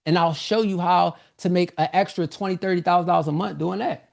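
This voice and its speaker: A man hosting a live online webinar, pitching a business course in an energetic, repetitive, informal style, a little out of breath. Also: fairly quick, vocal fry. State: slightly out of breath.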